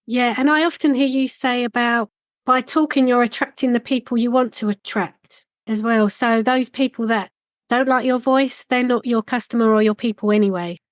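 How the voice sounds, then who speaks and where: Brief: woman host, slightly high voice, friendly chat, dry close sound. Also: steady tone, normal speed, no room sound. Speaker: podcast host. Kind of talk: casual podcast chat.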